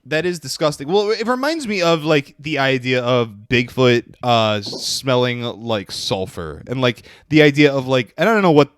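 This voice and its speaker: Teasing man with a lively voice. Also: medium pitch, normal speed, hardly any pauses, clean tone, no room sound, clean studio sound. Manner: teasing, laughing, rambling. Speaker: podcast co-host. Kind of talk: casual chat.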